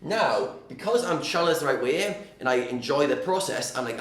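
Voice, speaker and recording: Guy coaching poker mindset, keeps saying all right, mid pitch, echoey room. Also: fairly quick, hardly any pauses. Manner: frequent "all right?" check-ins, energetic and direct. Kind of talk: casual teaching monologue.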